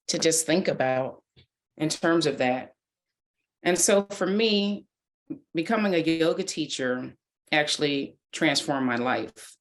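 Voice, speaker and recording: A middle-aged woman yoga teacher and therapist giving a gentle, encouraging wellness talk over a video call, guiding chair yoga. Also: deep voice. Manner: gentle, encouraging, unhurried speech with soft laughs. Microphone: video call mic.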